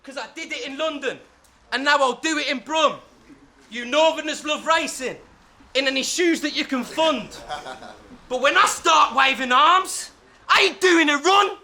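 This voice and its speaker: A man spitting a verse in a live rap battle, shouting punchlines and laughing through his bars. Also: very high-pitched, moderate pace. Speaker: battle rapper. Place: battle venue before a live crowd.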